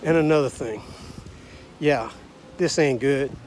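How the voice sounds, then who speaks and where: A man's voice: mid-range voice, unhurried, darkish tone, slight background noise. A man in his sixties or seventies from the United States, delivering a blunt, combative, preachy rant straight to camera. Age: 60s to 70s. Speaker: vlogger. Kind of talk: ranting monologue to camera.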